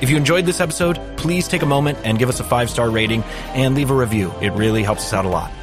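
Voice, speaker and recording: A man's voice: medium pitch, quick pace. Man hosting a comedy podcast over music. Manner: mock-panicked, joking delivery. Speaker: podcast host. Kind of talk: scripted comedic narration. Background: music bed.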